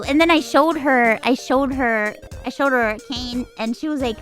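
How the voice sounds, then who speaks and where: High, bright-voiced woman telling a story. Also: brisk, faint music behind. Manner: animated storytelling, often slipping into voices of family members. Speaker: streamer. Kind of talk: casual stream chat.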